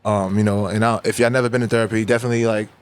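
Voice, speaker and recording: Animated New man telling stories. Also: lowish voice, rapid-fire, clear, resonant tone. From New York. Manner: animated storyteller who acts out dialogue. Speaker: rapper guest. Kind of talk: casual interview storytelling.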